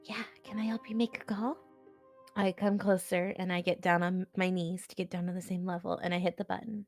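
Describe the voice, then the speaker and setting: A woman player in a tabletop game, speaking gently and soothingly. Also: lowish voice, level tone, a little fast, no room sound, faint music behind.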